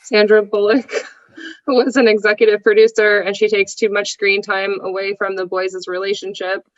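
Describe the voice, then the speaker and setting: A woman's voice: medium pitch, little pitch movement, moderate pace, no room sound. Woman podcast guest, casual and blunt, slightly dull muffled recording, dry. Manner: casual, swears, laughs while talking. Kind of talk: casual film discussion.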